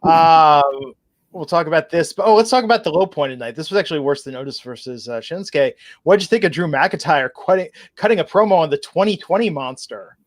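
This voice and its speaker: Man, slightly high voice, podcast host, chatty, lots of fillers. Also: lively intonation, a little fast. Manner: chatty, reads listener comments, hedging fillers. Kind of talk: casual wrestling review chat.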